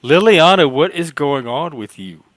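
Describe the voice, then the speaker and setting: A man's voice: fairly high pitch, animated, moderate pace, fairly bright tone, no echo. A man hosting a panel chat, laughing often, teasing guests and reacting to the live chat. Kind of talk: casual chat.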